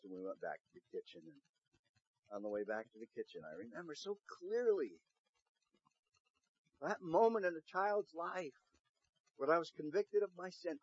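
A man's voice: on the high side, breathy edge, no room sound. A male pastor preaching a sermon, telling an earnest personal story. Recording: dull recording with faint hum.

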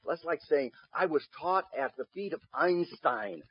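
A man's voice: mid-range voice, lively intonation, moderate pace, hardly any pauses, lo-fi sound. A man preaching a sermon in an emphatic way, putting rhetorical questions to the congregation in the room.

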